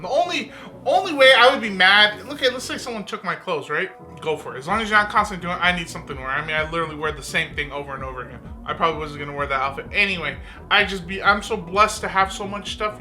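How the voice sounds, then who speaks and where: A woman's voice: fairly low pitch, fast talker, pushed and bright, faint music behind. A woman giving sassy, laughing reaction commentary on a video.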